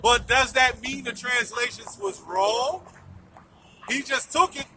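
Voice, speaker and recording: A man's voice: very high-pitched, slow pace, pushed and bright, recorded from a distance, slight background noise, low-quality recording. A man preaching in a street debate, emphatic, asking questions and repeating his phrases.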